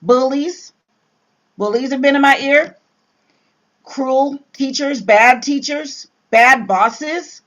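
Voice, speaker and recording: A woman leads a casual Bible study, reading scripture aloud and riffing on it animatedly with sudden exclamations. Her voice sits high and she speaks slowly, captured in a low-quality recording.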